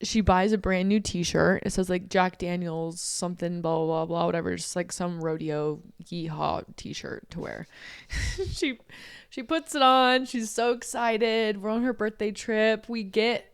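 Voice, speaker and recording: A young woman co-hosting a casual podcast, telling a story in an animated way and often breaking into laughter. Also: on the low side, measured pace, smooth. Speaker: podcast co-host.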